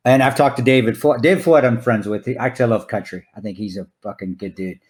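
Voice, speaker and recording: A man's voice: mid-range voice, fast, a little mellow. A man hosting a podcast, chatting casually and asking questions, swearing freely with frequent restarts. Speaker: podcast host. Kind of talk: casual interview chat.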